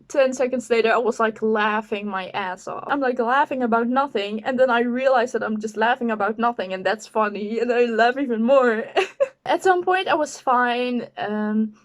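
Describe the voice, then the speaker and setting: A woman's voice: a little high, normal speed. A nineteen-year-old woman telling a casual storytime, giggling often and saying "like" constantly. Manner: giggly, animated, heavy use of "like". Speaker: vlogger.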